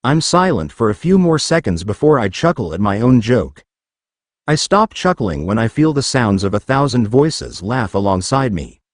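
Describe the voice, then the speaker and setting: A man's voice: medium pitch, big pitch swings, normal speed, no echo, clean studio sound. A man reading a fan fiction story aloud in the first person, casual and sometimes profane. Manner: reads aloud, including punctuation, with casual cursing.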